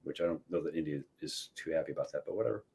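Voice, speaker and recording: A man's voice: extremely low pitch, racing, creaky, dark tone, slight background noise. A man who designs war games, explaining at length as a guest in a casual chat, with restarts and "right?" tags.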